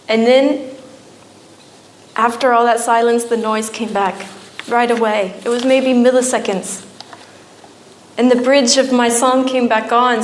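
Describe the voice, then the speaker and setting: A woman's voice: a little high, level tone, a little slow. Young woman telling a testimony in a church. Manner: emotional storytelling, rising to pleading. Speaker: church speaker. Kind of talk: personal testimony. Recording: echoey church hall.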